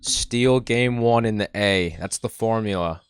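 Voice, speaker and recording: A man with a sore throat streaming live play-by-play and reaction, excitable and nervous, swinging from loud cheering to quiet muttering. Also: fairly low pitch, unhurried, faint music behind.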